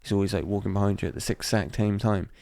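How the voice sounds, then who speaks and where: A man's voice: lowish voice, steady tone, racing, gravelly, mellow, no echo, clean studio sound. A man co-hosting a podcast, laid-back and sweary, calling his friend mate. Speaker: podcast co-host. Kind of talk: casual chat.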